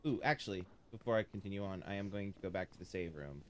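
A man's voice: low voice, fast talker, a little hiss or hum. A man casually talking to himself as he streams a horror game, reading notes aloud and chatting as he plays. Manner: chatty, talks to himself while playing. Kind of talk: casual let's-play commentary.

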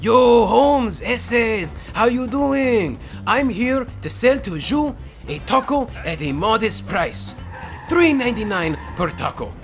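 A man voicing a pushy street taco salesman in a put-on mock Mexican accent, with a slow, laid-back sales pitch. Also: lively intonation, heavily acted. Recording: game music behind.

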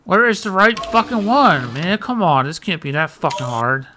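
A man's voice: high-pitched, big pitch swings, normal speed, background noise. A man muttering and swearing in frustration while playing a video game. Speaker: gamer. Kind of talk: let's play commentary.

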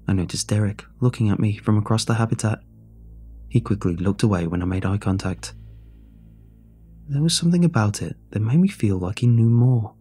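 Low, husky male horror narrator. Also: brisk, mellow, soft background music. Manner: tense first-person storytelling. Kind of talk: scripted horror story narration.

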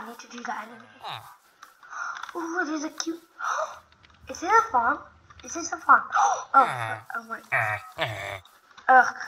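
A young woman with a high, bright voice chats her way through a video game at an unhurried pace. She is excitable, gasps at every new find and talks straight to the animals on screen. A faint hiss runs under the recording. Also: low-quality recording. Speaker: gamer narrating her play. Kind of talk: casual gameplay commentary.

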